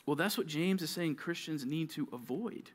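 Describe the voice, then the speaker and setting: A man preaching a sermon to junior high students, lively and conversational, acting out grumbling teens in quick asides. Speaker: youth pastor.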